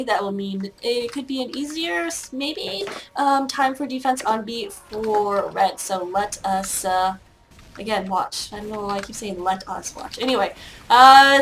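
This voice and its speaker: A woman's voice: a little high, fairly bright tone, a little hiss or hum. A woman giving solo play-by-play commentary on an online game match, chatty and self-mocking, with many hesitations and fillers. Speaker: esports caster.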